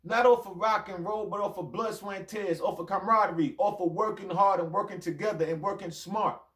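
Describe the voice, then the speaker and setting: A man's voice: sits high, steady tone, fairly quick, fairly bright tone. A former college player ranting straight at his old coach, heated, full of slang, and repeating lines for emphasis. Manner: heated, addressing the coach directly as "you". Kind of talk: direct-to-camera rant.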